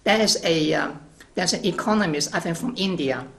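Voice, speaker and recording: Male guest making a forceful case on a talk show, pressing with questions. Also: a little high, moderate pace, creaky. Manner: emphatic, rhetorical questions, repeats words at the start of phrases. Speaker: interview guest, scholar. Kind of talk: argumentative interview answers.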